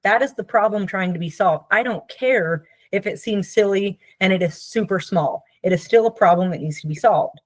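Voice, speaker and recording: A woman's voice: mid-range voice, moderate pace, hardly any pauses, no echo. A woman therapist explaining ideas in a casual, conversational teaching style, often checking in with "Okay?" and playfully acting out the people she quotes. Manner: acts out quoted voices playfully.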